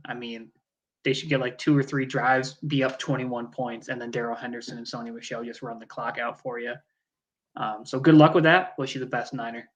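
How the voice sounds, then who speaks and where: A man's voice: medium pitch, lo-fi sound. A man co-hosting a fantasy football podcast, joking and blunt in casual chat, swearing freely. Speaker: podcast co-host.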